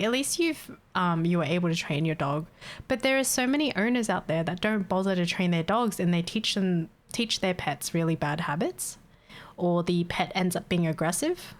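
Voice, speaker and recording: A young adult woman, ranting bluntly and swearing freely as she chats casually on a livestream. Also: fairly low pitch. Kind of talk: casual stream chat.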